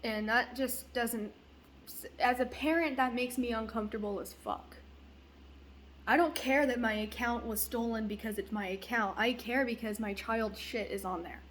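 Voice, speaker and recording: A woman's voice: a little high, normal speed, a bit bright, slight background noise. A young woman and mother telling a story casually, rambling with fillers and swearing. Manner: rambling, profane, uses many fillers. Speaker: parent.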